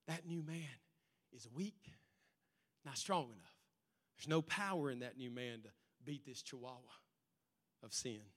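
Brief: low, hushed male tempter as a preacher puts him on, sly, lower than his usual voice, long hall reverb. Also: a little slow, long pauses, natural voice. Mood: insinuating.

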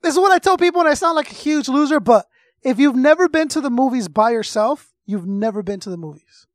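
A man's voice: very high-pitched, a little fast, no room sound, studio quality. A man co-hosting a casual podcast, ranting with strong opinions and plenty of swearing. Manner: animated, profane, opinionated ranting. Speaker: podcast co-host and music reviewer. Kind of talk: casual chat.

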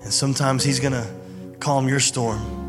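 Man, pastor, casual conversational sermon, long hall reverb, soft music behind. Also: medium pitch, steady tone, moderate pace. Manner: conversational, informal preaching with fillers. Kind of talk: sermon and prayer.

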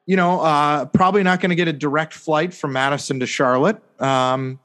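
A man co-hosts a casual sports podcast, rambling through a sarcastic story packed with fillers and mock-serious "hypothetically" asides. His voice is a little high and fairly bright, and he talks at a normal speed.

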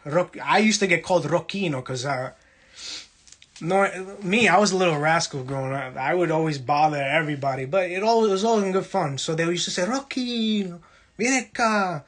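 A man's voice: on the high side, brisk, fairly bright tone, husky. A young man from Brooklyn, casually hosting a livestream, reading the chat and teasing viewers playfully. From Brooklyn, New York.

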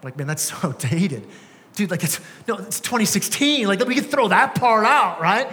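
A man's voice: sits high, animated, moderate pace, pushed and bright. A young man preaching a sermon as pastor, talking conversationally with casual slang and frequent restarts. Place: church sanctuary. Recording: church hall with long reverb.

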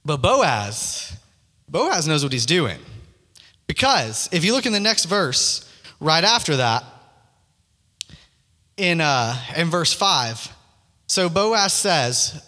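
A male preacher gives an energetic, casual sermon in a high, lively voice that rises and falls widely. His tone is bright and forceful. A long reverb hangs in the hall around him. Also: slow. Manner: animated, storytelling, casual slang.

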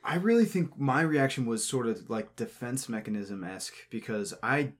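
Sex: man. Pitch: average, with a very lively melody. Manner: blunt, dry, casual opinions. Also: moderate pace. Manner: blunt hot takes, dry asides. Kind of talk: casual film chat.

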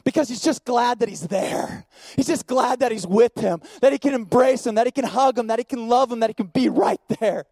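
A man with a very high voice preaches a sermon in a steady repeating cadence. He sinks into hushed storytelling and builds up to shouted exhortation. The sound is dry and close, with no room in it. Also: a little fast, few pauses, dry recording. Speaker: pastor.

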